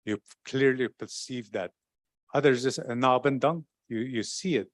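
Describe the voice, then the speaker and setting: A man's voice: medium pitch, no room sound. Man telling an old story, stops and repeats a lot, dry sound. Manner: halting, repeats words, relaxed telling. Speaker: storyteller and speaker at a forum. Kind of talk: oral storytelling talk.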